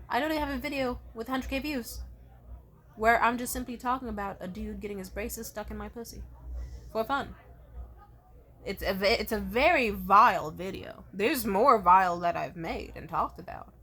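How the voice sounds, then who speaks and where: A young woman rants straight to her followers in a casual vlog, swearing constantly and sounding thoroughly exasperated. Her voice sits at an ordinary middle pitch for a woman. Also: moderate pace, bright, forceful tone. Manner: profane, exasperated ranting. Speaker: content creator.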